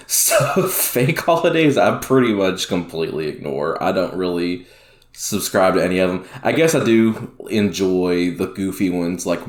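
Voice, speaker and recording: A man hosting a casual gaming podcast, reading listener questions in an easygoing way. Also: low voice. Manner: easygoing, laughs often. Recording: roomy echoey room.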